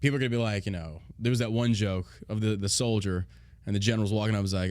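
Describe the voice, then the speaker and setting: A man's voice: on the low side, fairly even intonation, fast, a little mellow, no echo. A man hosting a show, ranting bluntly and profanely in a casual, heated way. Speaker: show host. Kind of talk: casual political rant.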